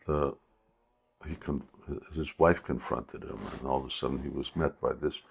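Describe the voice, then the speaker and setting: A man telling a devotional story as a spiritual teacher in a sermon, unhurried and hesitant, with many pauses. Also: a bass voice, vocal fry, breathy edge.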